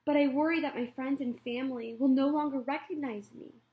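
A woman voicing a gentle, patient robot mother who speaks calmly and earnestly in a storybook reading. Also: sits high, brisk, voice pushed up. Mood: uncertain.

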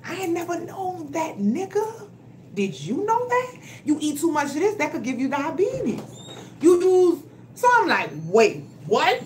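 A woman, telling her story to viewers in a casual, profane, animated way on a phone livestream. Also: extremely high pitch, measured pace, slight background noise. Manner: blunt, profane and animated, talking straight to viewers. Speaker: health vlogger. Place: at home.

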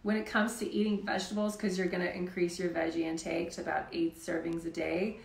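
A woman's voice: fairly low pitch, level tone, fairly quick, vocal fry, echoey room. A woman hosting a live health Q&A, talking in a casual, chatty way with lots of "like". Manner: chatty, says "like" often. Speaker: health show host.

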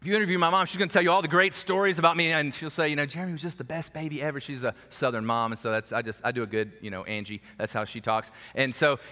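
A man preaching a sermon in a conversational, animated storytelling way, with sudden drops to a hushed voice. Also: medium pitch, quick pace, few pauses. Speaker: pastor. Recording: echoey hall reverb.

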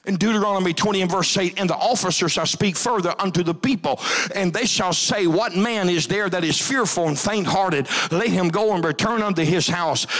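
Male pastor, gravelly husky voice, fiery revival preaching, casting for a church pulpit. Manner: shouting preacher, rising to high-pitched cries. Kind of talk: revival sermon. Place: church sanctuary.

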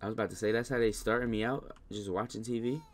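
A man giving casual let's-play commentary on a game, talking to the characters, slangy, with loud scolding bursts. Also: fairly low pitch, steady tone, fast talker. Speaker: gaming YouTuber.

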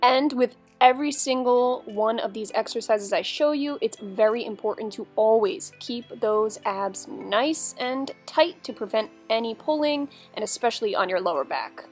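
A young woman with a voice a little on the high side explains a dumbbell routine in a chatty, upbeat voice-over. She keeps it instructive but friendly, like talking to her followers, while faint music plays underneath. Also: moderate pace, few pauses. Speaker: fitness vlogger.

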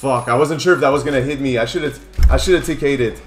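A young man streaming a game live, excitable and swearing, swinging from loud cheers to annoyed muttering. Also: medium pitch, a little fast, soft background music. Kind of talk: live gameplay commentary.

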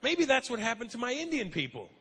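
A man doing a stand-up comedy routine, animated and acting out characters. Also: very high-pitched, quick pace, background noise. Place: comedy stage. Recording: live stage with loud crowd laughter.

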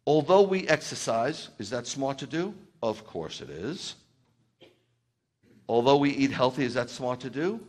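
A middle-aged male rabbi giving a conversational sermon, dropping into quiet asides and then rising to loud, excited outbursts. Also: medium pitch, measured pace.

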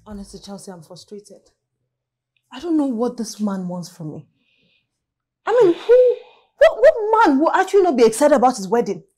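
A domineering bride-to-be with a Nigerian accent in a film drama. Her voice sits high and swings widely as she nags and scolds. She stumbles over her words whenever she gets flustered. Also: sing-song, moderate pace, pauses often, warm tone, breathy edge, faint music behind, full character voice. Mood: frustrated. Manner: demanding, nagging, stammers when flustered. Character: bossy bride obsessed with her grand wedding.

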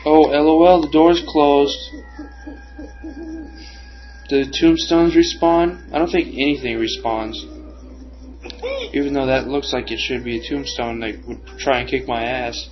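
A man's voice: mid-range voice, fairly even intonation, moderate pace, background noise. A young man giving casual commentary as he plays a video game, frustrated and cursing at the enemies on screen. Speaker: let's play gamer. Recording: dull lo-fi recording. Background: game music.

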